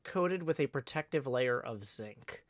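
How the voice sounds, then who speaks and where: A man's voice: medium pitch, animated, measured pace, no echo. Guy rambling on his livestream, annoyed, lots of restarts, mid voice, dry close mic. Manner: rambling, irritated, with many restarts and fillers. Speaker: livestream host. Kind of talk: casual livestream chat.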